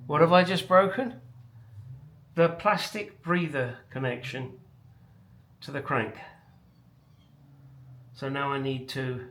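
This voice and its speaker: A man's voice: medium pitch, fairly even intonation, takes it slowly, pauses often, a bit bright. A man working on a motorcycle in his garage, muttering to himself and swearing as he talks viewers through the job. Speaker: motorcycle restoration vlogger. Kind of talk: casual workshop commentary. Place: home garage workshop.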